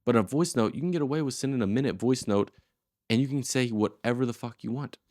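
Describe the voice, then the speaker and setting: A man's voice: mid-range voice, quick pace, a little mellow, no room sound, clean studio sound. A man in his twenties teaching a casual tutorial, talking in a loose, slangy and blunt way. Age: 20s. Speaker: course host.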